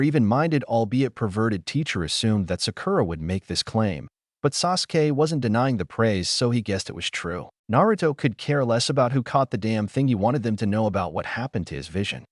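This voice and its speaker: A man reading a fan story aloud as narrator, with wry, animated storytelling. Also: mid-range voice, dry recording, clean studio sound.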